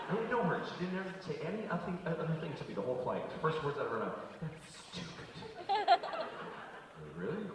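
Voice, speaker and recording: A man in his forties doing a live stand-up routine, ranting with heavy profanity and bursting into shouts. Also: mid-range voice. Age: 40s. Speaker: stand-up comedian. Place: theater stage before a laughing audience. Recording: roomy live hall from a distance, crowd laughter.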